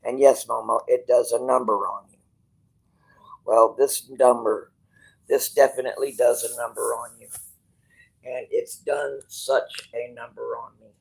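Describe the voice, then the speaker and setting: Speaking to his viewers, this channel host has a rough, gravelly, medium-pitched voice and a slow, drawn-out pace. He wanders and restarts, acts out what others said, and swears casually along the way, all on a rough recording.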